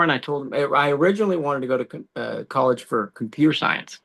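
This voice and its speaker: A man, a law enforcement officer, telling personal stories as a guest in a casual podcast conversation, animated and full of "dude" and "bro.". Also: medium pitch, quick pace, vocal fry, breathy edge. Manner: animated storytelling, says dude and bro a lot.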